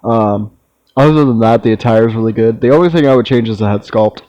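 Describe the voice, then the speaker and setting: A young man talks through his collection in a laid-back, wandering way, often stopping to say um and restart his thought. His voice is warm and mellow. The sound is dry and close, though the recording is a bit dull and lo-fi. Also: on the low side, fairly quick, no room sound. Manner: relaxed, meandering, with frequent ums and restarts. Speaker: toy collector vlogger. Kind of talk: casual ranking review.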